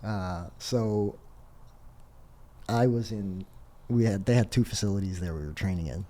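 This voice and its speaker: A man's voice: low voice, unhurried. A middle-aged man, a podcast guest, telling a story in casual conversation and often laughing as he talks. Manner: animated, laughs through his story.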